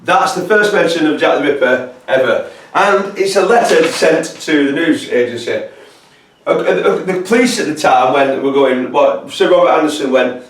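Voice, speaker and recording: A man lectures to a camera in loose, rambling fashion, stopping and restarting with fillers. His voice sits a bit high, and the sound is roomy and distant, picked up by a mic set well back. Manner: rambling, halting, many fillers. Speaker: presenter.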